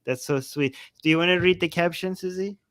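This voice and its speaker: A man's voice: high-pitched, a little fast, fairly bright tone. A man co-hosting a casual online chat, talking in a loose way and thinking aloud. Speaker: co-host.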